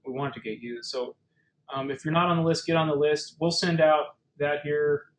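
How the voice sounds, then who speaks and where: A man with a somewhat high-set voice walks listeners through practical advice in an easy, conversational webinar tone. He pads his sentences with fillers and often restarts mid-phrase. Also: fairly even intonation, normal speed, rough recording. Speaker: webinar presenter. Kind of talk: casual explanatory webinar talk.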